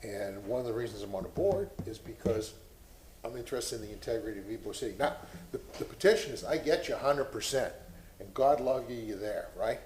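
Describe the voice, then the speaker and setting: A man's voice: mid-range voice, a little fast, a little mellow, echoey room, a little hiss or hum, low-quality recording. Impassioned man at a board meeting. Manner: impassioned, preachy. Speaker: board member. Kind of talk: public meeting remarks. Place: city meeting room.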